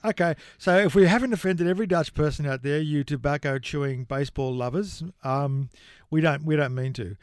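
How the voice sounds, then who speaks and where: A rambling, self-deprecating man in his fifties chats as a podcast co-host. His voice sits a little high, and the recording is close and dry with no room sound. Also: a little fast, hardly any pauses, clear, resonant tone, no echo. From Australia. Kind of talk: casual chat.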